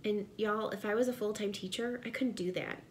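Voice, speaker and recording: Speaking fairly quickly with fairly even intonation, a pregnant vlogger and direct sales seller addresses her viewers earnestly from her home office in a casual vlog. Her medium-pitched voice comes with a slight hiss or hum.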